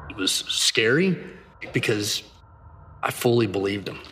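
A man's voice: lowish voice, animated, unhurried, sharp tone, in a large hall, slight background noise. A man, a detective, earnestly recounting how he questioned a suspect, speeding up as he replays his questions. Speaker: detective interviewee. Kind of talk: recounting an interrogation in an interview.

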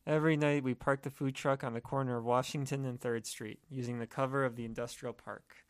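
A man narrating a first-person horror story at a steady, measured pace. His voice is mid-pitched and plain. The recording is dry and close. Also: clean tone, no room sound.

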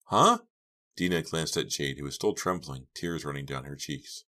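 Very deep male audiobook narrator. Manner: measured, steady reading. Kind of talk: scripted narration.

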